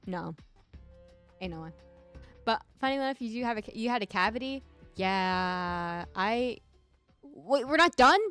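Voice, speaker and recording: A woman's voice: mid-range voice, animated, a little slow, pauses often, a bit bright, clean tone, dry recording, soft background music. A woman streamer chatting casually over a game, her voice stuffy from congestion, rambling and talking to her chat. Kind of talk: casual gameplay commentary.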